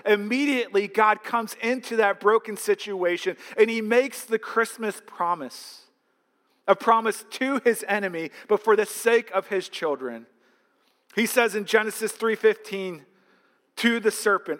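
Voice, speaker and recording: A man's voice: sits high, a little slow, fairly bright tone. A man preaching a sermon as a pastor, retelling a film plot as a story before turning to earnest emphasis. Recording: long hall reverb.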